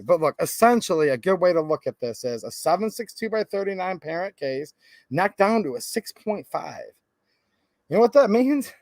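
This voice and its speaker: High-voiced guy in his 30s rambling about ammo, laid back, dry close sound. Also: dry recording. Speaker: gun channel host. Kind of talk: casual venting to camera.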